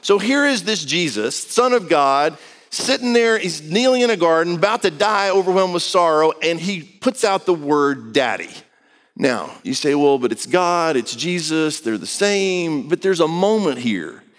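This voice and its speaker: A man's voice: on the high side, lively intonation, measured pace, a bit bright, long reverb tail. A man preaching a sermon in a conversational, earnest way, acting out the quotes he reads. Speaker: pastor.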